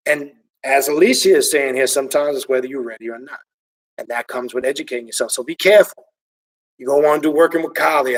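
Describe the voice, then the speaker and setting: A man hosting a livestream, reading viewer comments and ranting in an excitable, animated, profane way. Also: on the high side, distant mic, low-quality recording. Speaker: occult channel host reading viewer comments.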